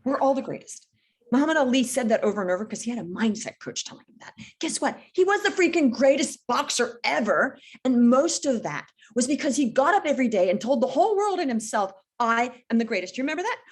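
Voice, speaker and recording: A woman's voice: high-pitched, big pitch swings, fast, slightly rough. A middle-aged woman coaching in a casual interview, blunt and emphatic, acting out conversations as she tells stories. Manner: emphatic, blunt, acts out dialogue. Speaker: business coach guest. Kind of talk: casual podcast interview storytelling.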